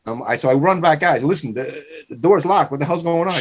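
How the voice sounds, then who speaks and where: A man's voice: a little high, expressive, fast talker. A man, a comedian, casually telling a rambling story, often restarting and stopping himself. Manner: rambling, self-interrupting.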